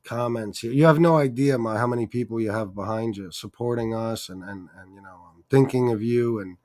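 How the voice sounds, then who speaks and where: A man's voice: medium pitch, brisk, a little mellow. A man hosting a casual chat with his mother, reading viewer comments aloud in a profane, hesitant way and getting choked up. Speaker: channel host.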